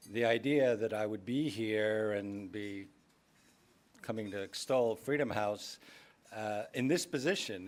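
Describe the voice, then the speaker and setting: A middle-aged man giving a keynote speech at an awards dinner, halting with fillers and restarts before finding his stride. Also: lowish voice. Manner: hesitant, many fillers and restarts. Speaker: keynote speaker. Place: banquet hall.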